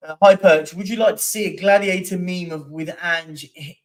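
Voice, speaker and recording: The livestream host here is a man with a high-pitched voice, a steady tone and a moderate pace, picked up by a distant mic. He rambles casually, reading out football stats and viewer comments with many fillers.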